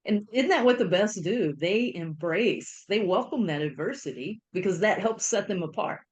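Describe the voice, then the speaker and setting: A woman's voice: medium pitch, lively intonation, normal speed. A woman interviewer asking leading, encouraging questions in a casual interview.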